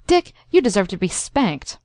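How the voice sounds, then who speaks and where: Casting: woman doing an excitable older Southern gentleman officer for a storybook audiobook, brisk and fussing, dry close sound. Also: medium pitch, no room sound. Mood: scolding. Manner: brisk, exclamatory. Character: blustering older male Southern major.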